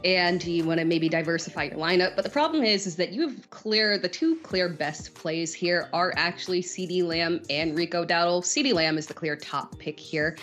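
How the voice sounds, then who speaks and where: A woman's voice: fairly low pitch, moderate pace, hardly any pauses, fairly bright tone, soft background music. A woman giving confident fantasy football advice in a conversational way. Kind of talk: conversational sports analysis.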